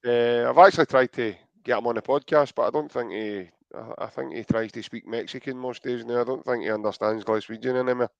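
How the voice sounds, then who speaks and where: A man's voice: mid-range voice, fairly even intonation, a little fast, creaky, hardly any pauses, no room sound, lo-fi sound. A Scottish man hosting a football podcast quiz, chatty and joking with plenty of hesitations. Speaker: podcast host. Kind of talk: casual podcast chat.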